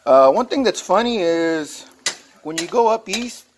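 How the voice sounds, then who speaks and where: A man's voice: high-pitched, lively intonation, measured pace, a little hiss or hum. Folksy Texan man, rambling. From Texas. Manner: rambling, folksy, filler-heavy talk. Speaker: mechanic shop worker sharing a recipe. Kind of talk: casual how-to vlog.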